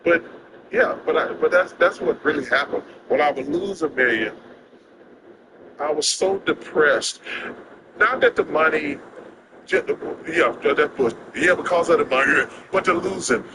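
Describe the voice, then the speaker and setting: A man in his sixties, a guest telling casual stories in an animated, drawling way with quick laughs, recorded outdoors. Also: fairly high pitch, heavy background noise. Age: 60s. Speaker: interview guest. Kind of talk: casual storytelling chat.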